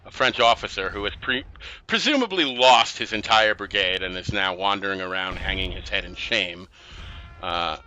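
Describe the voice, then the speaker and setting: A man's voice: low-pitched, animated, moderate pace, sharp tone, low-quality recording. A man giving casual, chatty commentary on a strategy game he is playing, with exasperated, sarcastic asides. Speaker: gameplay commentator.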